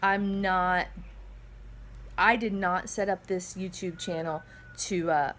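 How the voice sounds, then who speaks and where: A woman's voice: fairly low pitch, steady tone, slow pace, fairly bright tone, slight background noise. A middle-aged woman hosting a home vlog, talking to camera in an earnest, rambling way, emotional and a little shaky, with lots of fillers and restarts. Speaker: vlog host. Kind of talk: casual heartfelt talk to camera. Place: family home with kids around.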